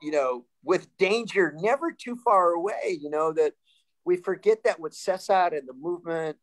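A man in his sixties from Sacramento, California, telling lively stories as a panel guest, laughing and restarting often. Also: fairly high pitch, moderate pace, low-quality recording. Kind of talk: casual storytelling.

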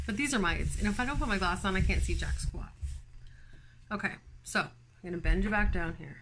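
A woman's voice: mid-range voice, fairly quick, noisy background. A woman hosting a home plant vlog, chatting casually to viewers with lots of fillers and little laughs. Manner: chatty, filler-heavy, giggly, talks to viewers. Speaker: plant channel host. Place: home, indoors.

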